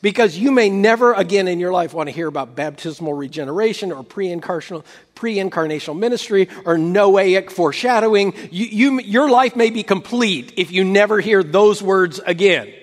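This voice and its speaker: A man preaching a sermon as pastor, telling a story with lively quoted voices and frequent restarts. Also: high-pitched, brisk, in a large hall.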